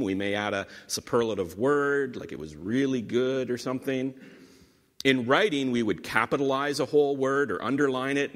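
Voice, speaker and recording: A man's voice: medium pitch, a bit bright. A man preaching a teaching sermon, explaining scripture with repeated emphasis and dry asides. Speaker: pastor. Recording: long hall reverb.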